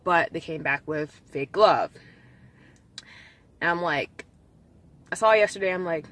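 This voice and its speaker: Young woman vlogger with a low-set voice and a bright, sharp tone; chatty, rambling monologue. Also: brisk, pauses often, poor audio. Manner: rambling, many fillers and restarts. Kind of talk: casual vlog monologue.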